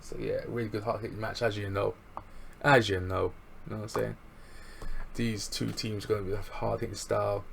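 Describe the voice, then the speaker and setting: A wrestling show reviewer with a gravelly, slightly low voice briskly recaps a show in a loose, excitable way. He uses lots of slang and chuckles often, with a faint hiss in the background.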